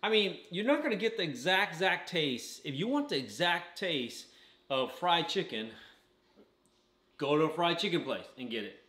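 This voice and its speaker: A channel host with a fairly high, pushed and bright voice speaks at a moderate pace, very animated, in a casual food review vlog. He chats while eating on his home cooking channel, ending lines with "okay?", and the room echoes noticeably.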